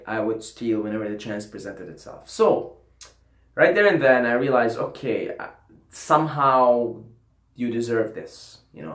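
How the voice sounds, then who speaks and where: A man's voice: medium pitch, fairly bright tone. A man hosting his own channel, telling a personal story in a casual, profane, ranting way, repeating himself as he goes. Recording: roomy echo.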